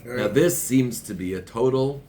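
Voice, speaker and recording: A man's voice: mid-range voice, unhurried, mellow, slight background noise. A man teaching religious texts in conversation, working through a passage step by step and reading parts of it aloud. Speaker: Torah teacher.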